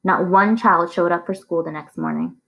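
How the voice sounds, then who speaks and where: A woman reading a novel aloud in a steady storytelling manner. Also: fairly low pitch, normal speed, poor audio. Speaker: reader.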